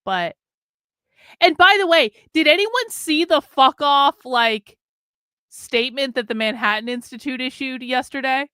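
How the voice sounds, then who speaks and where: A woman's voice: high-pitched, unhurried, clean tone, dry recording, clean studio sound. A woman hosting a livestream, giving casual, profane, sarcastic commentary a few beers in. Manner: profane, animated, sarcastic, mocking. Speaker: political commentary livestream host.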